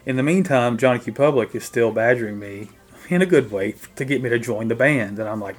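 A man's voice: medium pitch, a little fast. A middle-aged man, a drummer, casually recounting his band days in an interview, mimicking the people he quotes. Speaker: guest musician, drummer.

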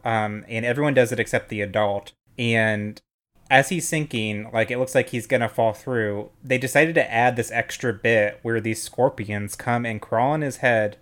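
A man with a mid-pitched voice co-hosts a casual movie podcast. He talks loosely and rambles, padding his sentences with lots of fillers. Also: moderate pace. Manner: relaxed, rambling with many fillers like "like". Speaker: podcast co-host.

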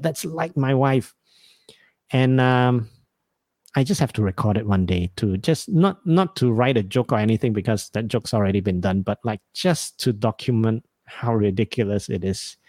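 A man's voice: lowish voice, a little mellow, no room sound. Chatty man, dry close mic. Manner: rambling, self-mocking, laughs often. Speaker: podcast host. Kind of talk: casual comedic storytelling.

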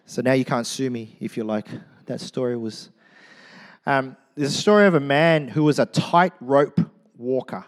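A man preaching a sermon, telling a story with lively, acted-out crowd voices and casual asides. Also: mid-range voice. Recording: long hall reverb.

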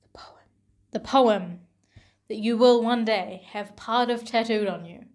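A young woman talking gently and tenderly to her younger self, with pauses and soft laughs. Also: fairly high pitch. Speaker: vlogger.

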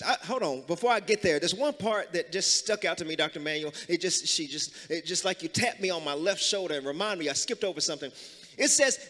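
A man a sermon as pastor, moving from talk into sung and shouted hymn lines. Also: a little high, lively intonation, brisk. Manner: preaching that builds into singing and shouting hymns. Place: church sanctuary. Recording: reverberant church with music.

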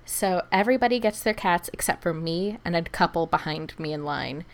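A woman's voice: on the low side, brisk. A woman telling a long story in a casual chat and acting out what people said. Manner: animated storyteller, acts out quotes, laughs often. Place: lives in Germany.

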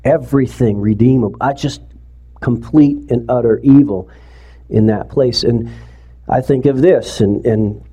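A pastor speaks to his congregation in a relaxed, mid-pitched man's voice that is neither high nor low. He talks casually, then climbs into impassioned, pleading preaching. The sermon sounds like it was recorded in a church for a streamed service. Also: unhurried, breathy edge. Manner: earnest, conversational preaching that rises to impassioned pleading.

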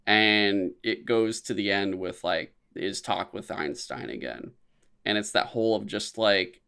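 A young man co-hosting a podcast in casual chat, rambling and swearing, his voice jumping high whenever he acts out a reaction. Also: a little slow, gravelly, clear, resonant tone. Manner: rambling, animated, swears often, voice jumps high when quoting reactions. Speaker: podcast co-host.

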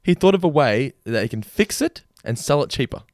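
A young man in casual chat as a podcast co-host, telling animated anecdotes and laughing often. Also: medium pitch, brisk, no room sound, studio quality.

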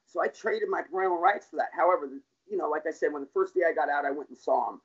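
Fast and on the high side, with a breathy edge, a middle-aged man recounts his own life in an interview. The storytelling is candid, blunt, and profane, in everyday street talk, and the recording is dull and lo-fi.

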